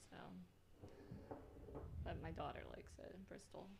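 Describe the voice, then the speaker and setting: A woman's voice: a little slow, a little mellow, a little hiss or hum. A mother chatting casually in a bubbly, giggly way. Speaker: parent. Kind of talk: casual chat.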